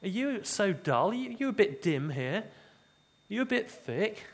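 A man voicing a patient, gently sarcastic male teacher talking down to slow pupils. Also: high-pitched, sing-song, pitched above the performer's own voice, full character voice. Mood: teasing. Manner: mock-exasperated, explaining like to a class.

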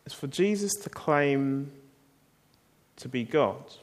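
A preacher delivers his sermon in a relaxed, storytelling manner and a measured pace, his voice sitting a little high for a man. Throughout, he keeps drawing listeners in with rhetorical questions.

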